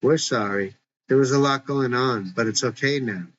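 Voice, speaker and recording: Laid-back teen boy, read by a man, casual, reassuring, middle pitch, muffled lo-fi sound. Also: moderate pace, fairly bright tone, close to an everyday voice. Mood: easygoing. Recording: dull lo-fi recording.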